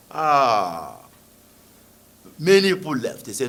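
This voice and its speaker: A man's voice: fairly high pitch, huge pitch swings, slow, pauses often, fairly bright tone. A man preaching a sermon, reading scripture aloud and then expounding it with emphatic rhetorical questions. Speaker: preacher and author.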